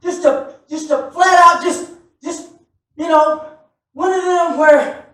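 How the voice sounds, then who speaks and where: A man preaching a sermon to a congregation, animated and often shouting, with joking asides. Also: extremely high pitch, takes it slowly. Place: church sanctuary. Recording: echoey church from far off.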